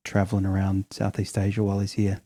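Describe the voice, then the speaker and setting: A man's voice: deep voice, completely flat delivery, fast talker, dark tone. A man co-hosting a comedy podcast, giving wry, dry commentary in casual chat. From Australia. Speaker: podcast co-host.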